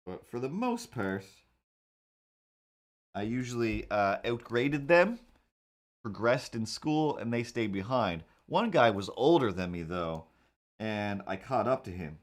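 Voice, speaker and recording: A man with a lowish voice chats casually while drawing on a stream. He rambles through his story, circling back with fillers and restarts. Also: very animated, takes it slowly. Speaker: webcomic artist streaming.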